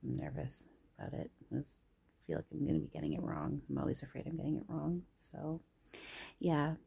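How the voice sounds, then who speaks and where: A woman vlogger talking casually to her viewers from close to the camera, rambling, giggling and teasing herself, with warm affection for her audience. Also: low voice, fairly even intonation, a little fast, gravelly, breathy edge. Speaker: spiritual channeler and vlogger. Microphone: camera close to face.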